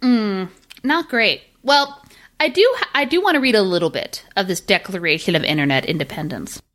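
A woman co-hosting a podcast in casual chat, sarcastic and animated, often breaking into laughter. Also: mid-range voice, normal speed. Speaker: podcast co-host.

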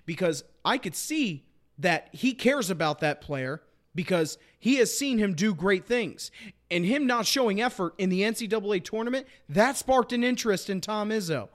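A young man with a somewhat high voice hosting a casual sports podcast. He talks with conviction, repeating lines for emphasis and pressing each argument hard. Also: lively intonation, normal speed. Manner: impassioned, emphatic, repeats points.

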